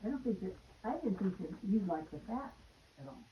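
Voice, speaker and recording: A woman's voice: mid-range voice, expressive, fairly quick, slight background noise. An older woman and mother in casual family chat at home, rambling and repeating herself. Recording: dull lo-fi home recording.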